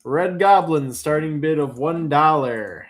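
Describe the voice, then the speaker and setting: A man's voice: fairly high pitch, unhurried. A man hosting a live online auction in a casual, chatty way, joking playfully as he sorts and labels the lots. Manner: playful, jokey, chats while sorting and labeling. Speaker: livestream auction host.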